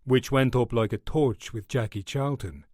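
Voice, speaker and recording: A man voicing a big, hard ex-convict who talks calmly and drily. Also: medium pitch, normal speed, dry recording, studio quality, close to an everyday voice. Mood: dry.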